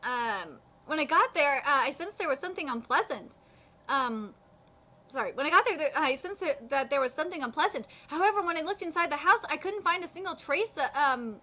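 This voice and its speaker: A woman's voice: sits high, sharp tone. A woman reading as a sly, teasing male exorcist. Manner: read aloud with hesitant fillers.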